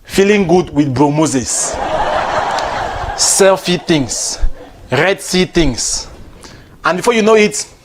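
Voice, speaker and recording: A man's voice: sits high, lively intonation, slow, long pauses, background noise. A comedian host delivering a playful comic monologue and often laughing through his lines. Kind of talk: stand-up style comic monologue.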